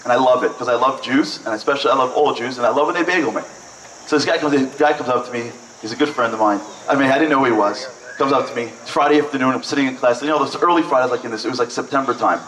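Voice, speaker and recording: A man from Brooklyn, telling lively, joking stories to an audience with lots of "like"s. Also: mid-range voice, rapid-fire, slight background noise. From Brooklyn, New York. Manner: lively, joking, chatty with many "like"s. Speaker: event speaker. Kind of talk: storytelling speech to an audience. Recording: echoey hall, mic at a distance.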